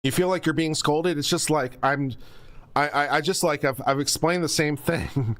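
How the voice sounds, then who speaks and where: A man's voice: fairly high pitch, moderate pace, a bit bright. A man hosting a legal commentary stream, explaining rules to viewers over and over in a patient but mildly exasperated teaching manner.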